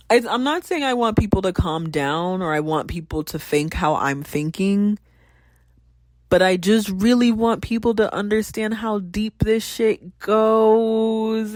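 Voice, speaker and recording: With no echo on the recording, this mid-range voice belongs to a podcast host and teacher. The talk is loose and heartfelt, wandering from point to point, peppered with profanity, laughter and out-loud thinking.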